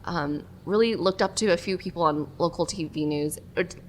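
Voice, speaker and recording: A woman journalist, a podcast guest, chatting casually and telling lively stories about her life, from Southern California. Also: fairly low pitch, brisk, a little hiss or hum. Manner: lively, animated storytelling. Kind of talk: casual interview chat.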